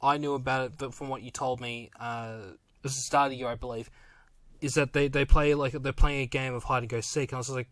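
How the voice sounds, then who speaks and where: A man co-hosting a casual film-review podcast, talking in halting bursts with many false starts and exclamatory reactions. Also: mid-range voice, fairly even intonation, a bit bright, no room sound. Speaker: podcast co-host.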